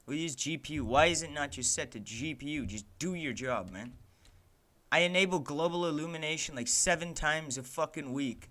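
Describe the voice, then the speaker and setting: A man's voice: fairly high pitch, moderate pace. A young man streaming his game development, chatting casually and ranting with plenty of swearing and "like" as he fights his tools. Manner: exasperated, swears a lot, rants at his software; fillers "like" and "man" throughout. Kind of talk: casual livestream commentary while working.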